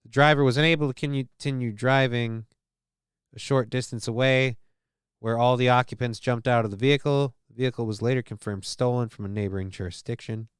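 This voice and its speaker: A man's voice: medium pitch, a bit bright, smooth, dry recording, clean studio sound. A man hosting a casual news show, reading stories aloud and riffing on them with irreverent, profane asides. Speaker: show host.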